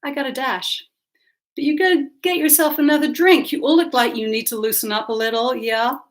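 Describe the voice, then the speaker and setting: A woman's voice: high-pitched, moderate pace, voice pushed up, lightly acted. A woman reading aloud, voicing a spoilt young Hollywood party girl with a Los Angeles-tinged accent and a lazy, offhand drawl. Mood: bored. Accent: Los Angeles-tinged English. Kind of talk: audiobook character voice.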